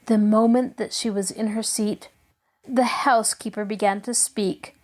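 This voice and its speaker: A woman host reading a classic children's novel aloud in an expressive storytelling voice. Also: medium pitch, measured pace.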